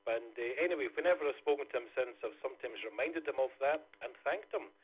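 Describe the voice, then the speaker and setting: Casting: Scottish man, husky, careful and unhurried, heard through a thin radio channel. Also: medium pitch. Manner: deliberately slowed, careful delivery. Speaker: amateur radio operator checking in. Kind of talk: casual radio chat. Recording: tinny radio transmission.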